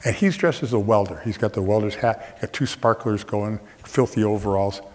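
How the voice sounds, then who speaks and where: A man's voice: lowish voice, moderate pace. A man telling a humorous personal story on a theater stage, acting out the voices of the people in it. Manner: animated, acts out other people's voices. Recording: long theater reverb.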